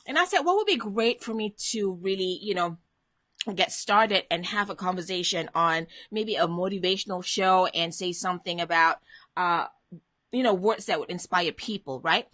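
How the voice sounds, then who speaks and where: A woman's voice: lowish voice, moderate pace, a bit bright, no room sound. A woman hosting a motivational live stream from home, chatting casually, greeting viewers by name and reading out their comments.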